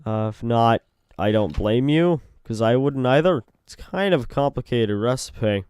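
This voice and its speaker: This young man, a gaming video host, speaks in a mid-range voice with lively intonation at a measured pace, his tone clean and a little mellow. He has a Canadian English accent and gives rambling, goofy let's-play commentary full of wordplay.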